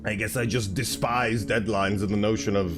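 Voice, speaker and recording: Over music, a young male VTuber talks while streaming a game, his fairly low voice fairly even in intonation and moderately paced. He rambles casually, giggling and laughing at himself.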